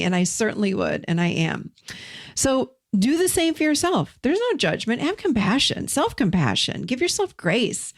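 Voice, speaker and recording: A middle-aged woman gently leading listeners through a self-help process, talking in a warm, conversational way. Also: a little high, sing-song, normal speed. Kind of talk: guided self-help teaching.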